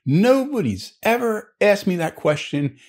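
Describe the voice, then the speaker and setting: A man's voice: big pitch swings, unhurried, a little mellow, full character voice. A man voicing an old male rural shopkeeper over seventy, in a raised, wry voice. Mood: dry, deadpan. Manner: high put-on voice, wry.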